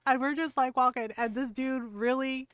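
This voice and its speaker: A woman's voice: high voice, normal speed, smooth, dry recording. Profane storytelling woman streamer, dry close mic. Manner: profane, animated, keeps asking "right?". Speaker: game streamer. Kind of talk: casual storytelling chat.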